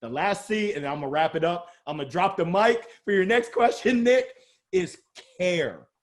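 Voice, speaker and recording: A man speaking as an interview guest about sales, lively and joking, with strong emphasis. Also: high voice, moderate pace. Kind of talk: energetic motivational interview talk.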